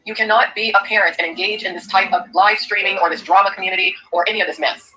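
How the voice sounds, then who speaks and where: Fast, bright-voiced woman commentator. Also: medium pitch, steady tone, low-quality recording. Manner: indignant, lecturing. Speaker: commentary streamer. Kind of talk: reaction commentary.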